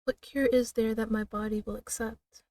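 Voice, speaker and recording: Woman reading a game aloud dramatically, mellow tone. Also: a little high, flat delivery, no echo, far from the mic. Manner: slow, dramatic reading broken by laughs and asides. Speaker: streamer.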